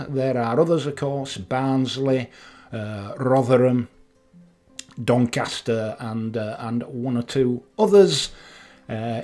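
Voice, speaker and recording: A man's voice: mid-range voice, darkish tone. A man with a West Yorkshire Bradford accent, chatting casually to camera with fillers and rambling asides. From West Yorkshire, England. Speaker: motorcycle vlogger. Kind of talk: casual explanatory monologue.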